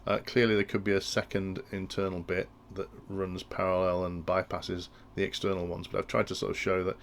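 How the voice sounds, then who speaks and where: A man with a low, gravelly voice talks through a technical tutorial. He thinks aloud and often restarts his sentences. A faint hum of room noise sits under him. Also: level tone, brisk. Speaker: instructor explaining industrial control.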